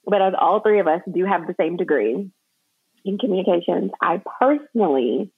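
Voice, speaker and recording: Young woman, podcast guest, husky low voice, chatty, phone-like sound. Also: no echo. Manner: chatty, lots of fillers, laughs easily. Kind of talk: casual chat. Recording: tinny phone-like line.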